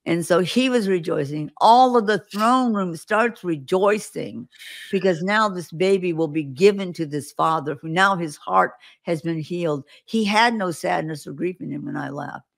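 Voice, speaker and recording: A woman's voice: fairly low pitch, moderate pace, creaky. A woman guest on an interview show, earnestly recounting visions and stories with vivid detail. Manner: earnest, vivid storytelling with acted quotes. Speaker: guest prophetic minister.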